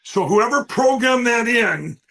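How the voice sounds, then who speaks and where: A man's voice: very high voice, animated, unhurried, vocal fry, pushed and bright. A man, a guest on a talk show, telling stories in a rambling, emphatic way and acting out what others said. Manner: rambling, emphatic, acts out quoted voices. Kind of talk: animated interview storytelling.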